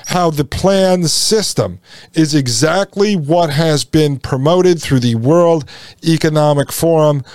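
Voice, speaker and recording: A man's voice: fairly high pitch, gravelly, a little mellow, dry recording, studio quality. A man hosting his own podcast, delivering an emphatic solo monologue, repeating points and addressing listeners as folks. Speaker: podcast host.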